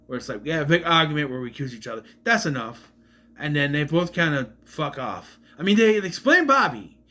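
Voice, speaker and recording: A man gives a loose, rambling movie review straight to camera, his bright voice swinging widely in pitch. He trips over himself, restarts sentences and swears bluntly. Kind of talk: casual film review to camera.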